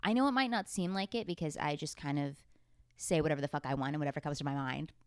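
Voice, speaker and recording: A woman's voice: deep voice, fast talker, clean tone, dry recording, clean studio sound. Playful, swearing young woman host. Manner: playful, self-mocking, swears casually. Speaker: podcast host. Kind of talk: casual chat. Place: at home on a beanbag.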